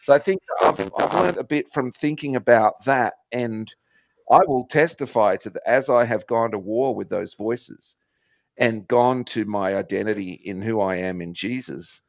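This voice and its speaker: A man's voice: fairly low pitch, normal speed, creaky, no room sound, dull audio. A man, a podcast guest telling stories in a rambling, self-deprecating way, acting out voices as he goes. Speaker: podcast guest, former musician. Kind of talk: casual conversational storytelling.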